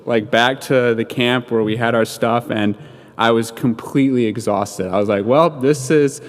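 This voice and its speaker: A man's voice: mid-range voice, steady tone, normal speed. A man giving a homily in a church, telling a personal story in a casual, conversational way with many "like" fillers and chuckling at himself. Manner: chuckles at his own story. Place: church sanctuary. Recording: long church-hall reverb.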